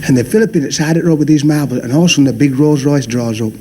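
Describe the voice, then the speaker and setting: A man's voice: fairly high pitch, quick pace. Male comedian spinning a yarn. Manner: chatty storytelling with asides. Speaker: stand-up comedian. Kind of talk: stand-up joke telling. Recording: noisy 1970s TV recording.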